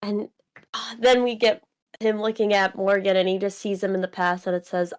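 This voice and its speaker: A woman with a smooth, clear voice chats as a guest on a casual reaction stream. She is lively and reads passages aloud, laughing easily as she goes. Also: mid-range voice, moderate pace. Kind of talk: casual live manga reaction.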